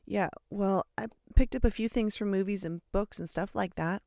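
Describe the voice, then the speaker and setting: A storyteller voicing a nervous, earnest seventh-grade boy from a storybook, with a gravelly edge. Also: mid-range voice, moderate pace, a little mellow, no room sound, studio quality, voice pushed up, close to an everyday voice. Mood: eager. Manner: earnest, flustered, pleading.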